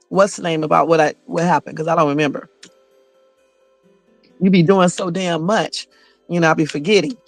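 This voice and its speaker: A woman's voice: lowish voice, dry recording. A blunt, sassy woman chatting live on her phone, cursing freely and talking straight to her viewers. The sound is dry and close, with faint music underneath. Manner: blunt, sassy, profane storytelling. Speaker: YouTube livestream host. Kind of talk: casual livestream chat.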